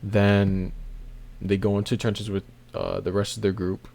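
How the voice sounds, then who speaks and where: A man with a lowish voice talks slowly through a comic chapter in a loose, rambling recap. He drops in plenty of "um"s and "uh"s and chuckles to himself. He sounds unhurried and offhand. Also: flat delivery. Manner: rambling, with many fillers and soft laughs. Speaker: manga recap video host. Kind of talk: casual chapter recap commentary.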